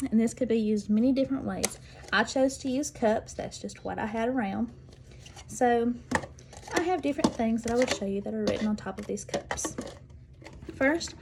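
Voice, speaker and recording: A woman teacher demonstrating literacy activities, speaking clearly and deliberately and sounding out word parts slowly. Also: on the high side, noisy background. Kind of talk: instructional demonstration.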